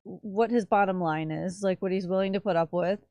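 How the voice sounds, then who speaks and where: A woman's voice: mid-range voice, brisk, a little mellow, no echo, muffled recording. A woman on a podcast giving thoughtful, earnest advice in casual chat. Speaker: podcast co-host.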